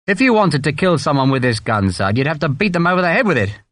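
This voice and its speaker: A man plays a seasoned rifle officer from an audiobook, blunt and commanding in clipped sentences. The lines sit a little higher than the reader's own voice, with lively pitch. The sound is dry and close. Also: quick pace, no echo. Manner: blunt, clipped questions and orders.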